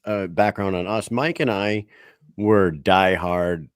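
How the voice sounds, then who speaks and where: Lower-voiced excited podcast host. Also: male voice, takes it slowly, clean tone, no room sound, clean studio sound. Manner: excited, loose, filler-heavy. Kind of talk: casual chat.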